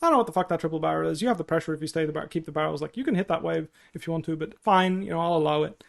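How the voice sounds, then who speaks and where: Fast-talking hoarse young man coaching. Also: a little high. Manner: blunt, casual, heavy swearing. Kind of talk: livestreamed gameplay review coaching.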